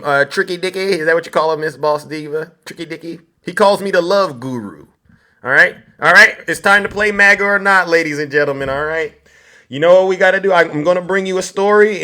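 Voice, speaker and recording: Animated mocking male stream host. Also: on the high side. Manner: mocking, theatrical, talks to the chat. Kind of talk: live stream commentary.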